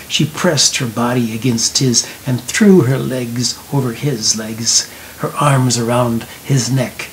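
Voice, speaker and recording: Slow, soft-spoken man reading a story. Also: mid-range voice, a little hiss or hum, poor audio. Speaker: narrator. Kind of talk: scripted storybook narration.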